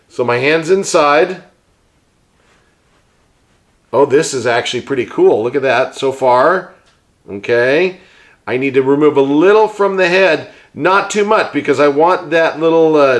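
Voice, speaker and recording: A man hosting a hands-on craft tutorial, chatting and explaining each step while he works with his hands. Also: medium pitch. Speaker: host and puppet maker.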